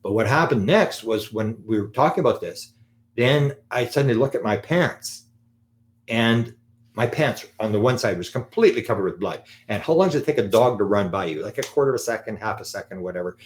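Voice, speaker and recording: A man telling an anecdote in a live talk, animated and acting out the quotes. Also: on the low side, fairly quick. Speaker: lecturer on UFOs.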